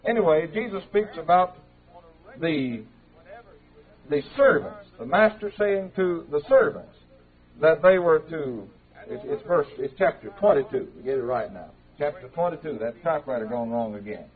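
A man teaching an evening Bible class in a church speaks in a fairly high voice. He is measured and conversational and sometimes stumbles and restarts. The sound is thin and narrow, like an old tape heard over a phone line. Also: animated. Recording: tinny, narrow-band old tape recording.

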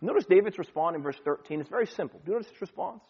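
A man's voice: sits high, lively intonation, very fast, a little mellow, husky. A man preaching a sermon in a conversational way, quoting scripture and briefly acting out the people in the stories. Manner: conversational preaching with scripture quotes, acts out dialogue. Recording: dull lo-fi recording.

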